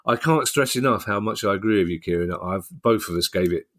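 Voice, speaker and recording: Jokey, stammering low-voiced male podcast host. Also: lively intonation, fairly quick, a bit bright. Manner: self-deprecating, jokey, stammering restarts. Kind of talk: casual football podcast chat.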